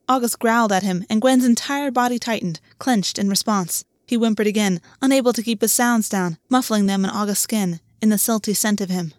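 Woman narrator, steady measured story reading, mid-pitched, dry close sound. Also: no echo. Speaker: audiobook narrator.

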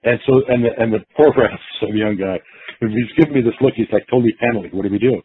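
A man's voice: mid-range voice, fairly quick, husky. A man casually telling a long story, acting out the quotes of the people in it, with many restarts. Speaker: guest storyteller. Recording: tinny phone-like line.

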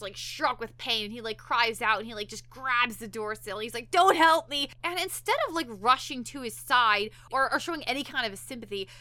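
Woman recapping a tv episode, lively, quotes everyone, pretty high bright voice. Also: no room sound. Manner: animated, acts out characters' lines in quotes. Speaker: podcast co-host recapping an episode. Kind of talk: casual chat.

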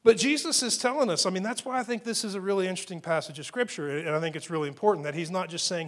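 A man's voice: sits high, very fast, few pauses, fairly bright tone. Conversational male pastor preaching. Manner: conversational preaching with fillers and repeated phrases. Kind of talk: sermon.

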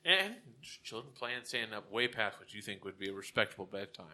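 Bright-voiced man running a tabletop game. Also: fairly low pitch, lively intonation. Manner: halting, self-correcting, casual narration. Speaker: game master.

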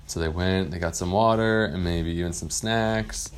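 A man with a fairly low voice spins an improvised bedtime story. He talks in a relaxed, rambling way, with plenty of pauses and fillers. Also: clear, resonant tone.

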